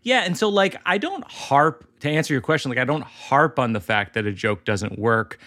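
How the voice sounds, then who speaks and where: A man hosting a casual interview conversation, telling stories and jokes in an animated way and laughing through his own punchlines. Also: medium pitch, moderate pace, dry recording, studio quality. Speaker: host.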